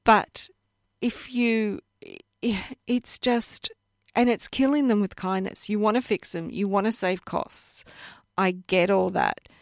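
A woman speaking on a radio program in an earnest, plain-spoken chat full of ums and restarts. Her voice is tiring and going a bit hoarse, but it sits at a middle pitch. The sound is dry and close, with no room echo. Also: slow. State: losing her voice. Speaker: animal bodywork practitioner, radio guest.

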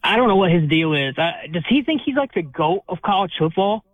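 A man's voice: high voice, sing-song, fairly quick, no room sound. A man calling in to a sports radio show, worked up and exasperated. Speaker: caller. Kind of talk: call-in radio talk. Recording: dry tinny phone line.

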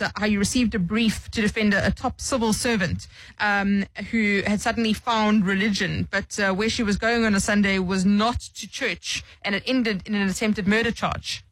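A radio host leads the interview, building long questions slowly and praising the guest's book between hesitant fillers. The voice sits at a moderate pitch in a dry, close studio sound. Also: no room sound, poor audio. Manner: warm praise, frequent fillers and restarts when asking long questions.

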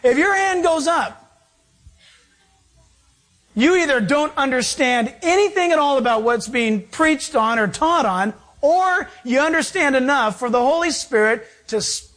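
A man preaching a sermon as pastor, animated and acting out quoted voices. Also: very high voice, measured pace.

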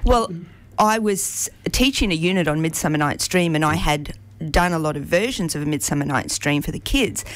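A woman's voice: low-pitched, moderate pace, few pauses. A woman, a teacher and community theatre actor, talking in a friendly way in a casual interview.

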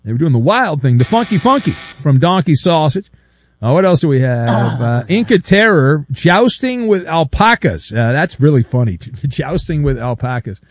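A man's voice: a little high, moderate pace. A middle-aged man hosting a talk radio show, joking and rambling with lots of fillers. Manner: animated, jokey, rambling with many fillers. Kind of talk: casual talk radio banter. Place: radio studio. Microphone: studio microphone.

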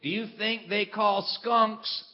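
A man doing a deadpan, dead-serious camp buddy. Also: a little hiss or hum. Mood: solemn. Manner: slow, serious, lowered delivery. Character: deadpan male camp buddy, grave and matter-of-fact. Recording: dull lo-fi sound.

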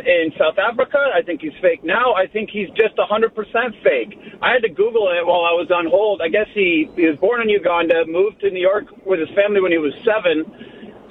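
A man's voice: sits high, a little hiss or hum. A man calling in to a radio show, talking casually with frequent hedges and fillers. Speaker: caller. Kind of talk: call-in radio conversation. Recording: phone line from a vehicle.

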